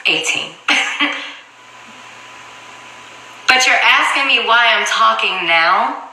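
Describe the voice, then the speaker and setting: A woman's voice: on the high side, sharp tone. A woman giving a heated personal account in an interview, speaking bluntly and profanely and firing off rhetorical questions. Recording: very echoey room.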